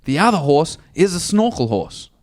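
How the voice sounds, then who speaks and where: A drunk man rambles through crude jokes and stories on a comedy podcast, laughing and acting out voices as he goes. His voice is fairly high-pitched and very animated, at a normal speed. It's casual, crude banter and joke telling.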